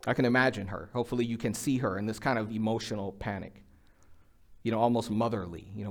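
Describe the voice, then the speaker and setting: A man's voice: lowish voice, fast talker. A middle-aged man preaching a sermon in a conversational way, acting out quoted lines with a rising voice. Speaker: pastor.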